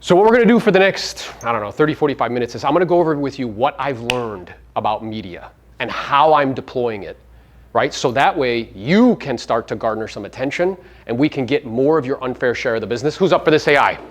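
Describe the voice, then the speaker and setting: A man coaching a live audience at a seminar, brash and profane, firing rhetorical questions at the room and swinging between loud punches and low asides. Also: animated, a little fast. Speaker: real estate coach and podcast host.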